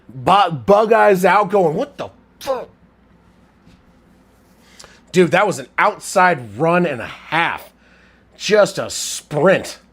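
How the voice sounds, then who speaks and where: A slightly drunk man in his thirties does casual live play-by-play and chats with viewers. His voice sits a touch high and leaps around, dropping to low mumbles and then jumping to loud, excited shouts. His throat sounds strained. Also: breathy edge. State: tipsy, drinking. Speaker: livestream sports commentator.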